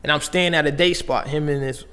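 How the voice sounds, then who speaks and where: A young man from Las Vegas, United States, appears as a podcast guest, retelling his story casually and slangily with lots of "like" and "bro." His voice is a little high and fairly even, slightly fast, with a sharp yet clean tone and long reverb.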